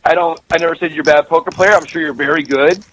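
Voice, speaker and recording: A man's voice: on the high side, steady tone, quick pace, a bit bright, slight background noise, poor audio. A middle-aged man calling in as a professional gambler, telling a heated story with lots of swearing and repeated words. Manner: profane, emphatic, repeats himself. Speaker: guest caller, professional gambler. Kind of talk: heated storytelling on a call-in show.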